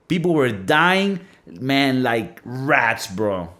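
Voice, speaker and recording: A man's voice: mid-range voice, normal speed, fairly bright tone. Blunt, cussing man from Venezuela. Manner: blunt, profane, emphatic with lots of fillers. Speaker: podcast host. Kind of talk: casual monologue.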